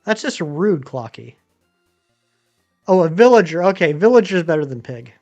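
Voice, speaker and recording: A man's voice: fairly high pitch, big pitch swings, moderate pace, a little mellow, muffled recording, soft background music. A man in his thirties chatting casually on a live stream, rambling and answering viewers. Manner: rambling, chatty, many ums and uhs. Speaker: game streamer.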